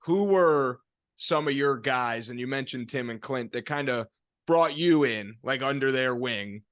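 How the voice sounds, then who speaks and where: A man hosting a podcast who asks long, measured, rambling interview questions. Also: mid-range voice, a bit bright, no echo, studio quality. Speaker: podcast host.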